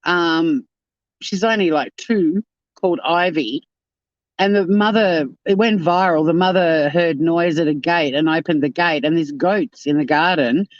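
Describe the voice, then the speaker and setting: A chatty livestream host talking loosely to viewers, cursing freely and laughing along. The voice sits at a middling pitch. The sound is dull and lo-fi, close and dry. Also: measured pace, dry recording. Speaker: livestream host reading chat. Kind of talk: casual live chat.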